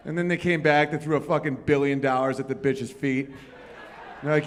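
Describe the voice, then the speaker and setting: A man's voice: a little high, fairly even intonation, brisk, a little hiss or hum. A man doing stand-up comedy on a live stage, talking with the crowd and rambling through loose, profane stories.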